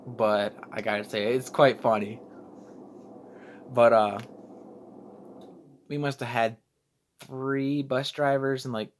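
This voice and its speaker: A young man vlogging casually, rambling and self-deprecating as he loses his train of thought. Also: mid-range voice. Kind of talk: casual vlog storytelling.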